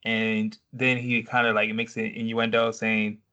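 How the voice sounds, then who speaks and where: A man's voice: lowish voice, monotone, measured pace, bright, forceful tone, dull audio. A man co-hosting a casual podcast chat, recapping a TV episode in a laid-back way and swearing freely. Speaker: podcast co-host.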